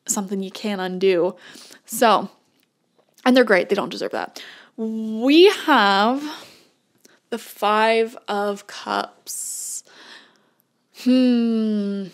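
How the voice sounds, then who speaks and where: A woman giving a casual tarot reading to camera, talking earnestly and bluntly, with frequent laughs. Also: mid-range voice. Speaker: tarot reader.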